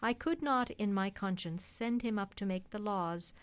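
A woman reading the part of a principled working cab driver, a father who speaks gravely and firmly. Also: mid-range voice, moderate pace, close to an everyday voice. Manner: grave, firm and earnest. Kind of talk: reading a children's classic on radio.

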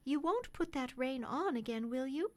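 A woman voicing a kind, refined lady who speaks softly and persuasively. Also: high-pitched, expressive, normal speed, pitched above the performer's own voice. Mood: earnest, persuasive. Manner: soft, persuasive, polite. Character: kind gentle English lady, refined and earnest.

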